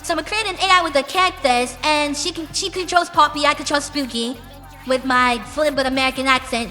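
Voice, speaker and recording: A woman's voice: high voice, fairly even intonation, fairly quick, sharp tone. A young adult woman musician answering interview questions in a blunt, boastful, profane way. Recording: reverberant with background music.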